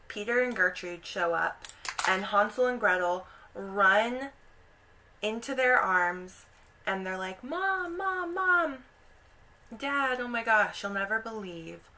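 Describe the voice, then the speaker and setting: A woman's voice: mid-range voice, pushed and bright, low-quality recording. A woman YouTuber casually retelling an opera's story, chatty with lots of "like" and "kind of".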